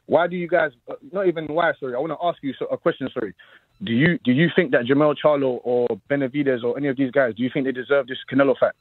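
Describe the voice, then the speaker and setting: A man with a South London accent calling in to a boxing talk show, talking fast and insistently and repeating himself. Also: medium pitch, fairly even intonation, no echo. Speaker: caller. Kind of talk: call-in boxing debate. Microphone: phone call. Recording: tinny phone line.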